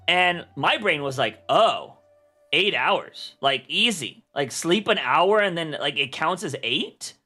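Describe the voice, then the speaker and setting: A man's voice: a little high, pushed and bright. A young man chatting casually on a livestream, rambling with lots of fillers and restarts. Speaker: streamer.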